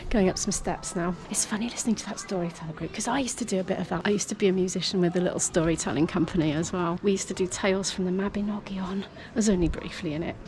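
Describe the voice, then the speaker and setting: A woman's voice: on the low side, fast talker, hardly any pauses, background noise. A woman narrating a casual travel vlog while touring a castle, curious and lightly humorous. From Britain. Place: outdoors and inside a stone castle.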